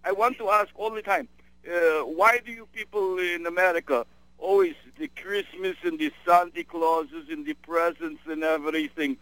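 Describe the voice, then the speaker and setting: A man doing a rambling, tipsy caller with a thick mock Russian accent, high in pitch and in broken English. The voice is bright and the line is dry. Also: steady tone, moderate pace, no room sound, lightly acted, rough recording. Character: drunk half-Russian half-French male caller, boastful.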